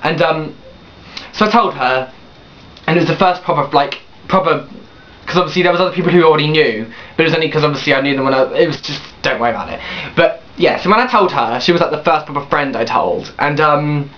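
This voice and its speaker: On his vlog, a young man in his late teens talks fast in a fairly high, fairly bright voice. His casual confessional story rambles, restarts, and includes blunt cursing, all captured by a dull lo-fi webcam.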